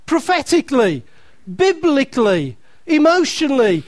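A man's voice: very high voice, takes it slowly, no echo. A man preaching a sermon, emphatic and repeating key phrases, reading scripture aloud with playful asides to the congregation.

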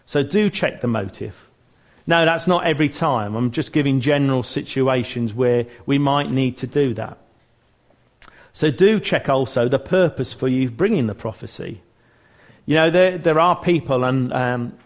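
A man's voice: medium pitch, a little slow. Earnest, chatty man teaching church. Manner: chatty and earnest, with frequent restarts and self-mocking humour. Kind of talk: informal church teaching talk.

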